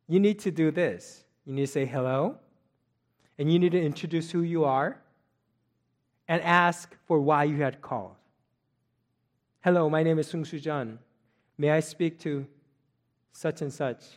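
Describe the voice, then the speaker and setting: A middle-aged man preaching a sermon, telling a family story and asking the listeners questions in an earnest, conversational way. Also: sits high. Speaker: pastor.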